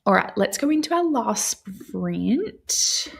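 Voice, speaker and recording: Young woman, livestream host; gravelly, rough-edged voice, easygoing chatter with viewers. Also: medium pitch, big pitch swings, takes it slowly. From Australia. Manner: chatty, rambling, answers viewer chat, many fillers. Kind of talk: casual livestream chat.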